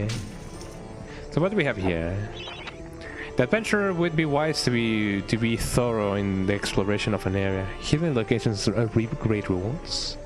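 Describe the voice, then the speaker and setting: A man streaming a video game, chatting casually and rambling, often ending phrases with a questioning "eh?". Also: on the low side. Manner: relaxed, rambling, tags phrases with "eh?". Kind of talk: casual gameplay commentary. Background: game music.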